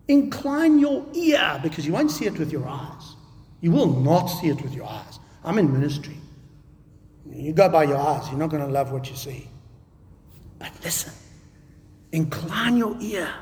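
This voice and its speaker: A man preacher delivering a sermon in an emphatic, animated way, with casual conversational asides. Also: a little high. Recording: long reverb of a large hall.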